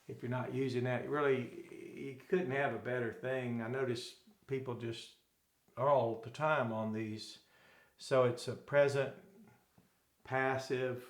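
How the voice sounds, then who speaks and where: Man from Arkansas, classroom Greek teacher, rambling and self-correcting, echoey room. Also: medium pitch. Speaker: Bible teacher.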